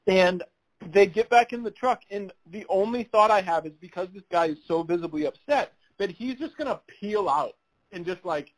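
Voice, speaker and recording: High-voiced man telling a story. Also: moderate pace, rough recording. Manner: animated storyteller, laughs while telling, acts out quotes. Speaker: podcast co-host. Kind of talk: casual chat, storytelling.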